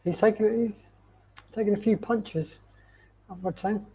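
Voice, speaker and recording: A man who coaches fighters, co-hosting a live watch-along and calmly breaking down the action. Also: sits high, a little slow, a little hiss or hum, rough recording. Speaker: co-host and coach. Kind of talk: casual live fight commentary.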